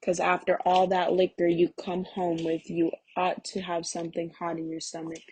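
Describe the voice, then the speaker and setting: A woman's voice: lowish voice, completely flat delivery, moderate pace, a little mellow, husky. A woman reading the part of a tired young wife, pleading and resigned. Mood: weary.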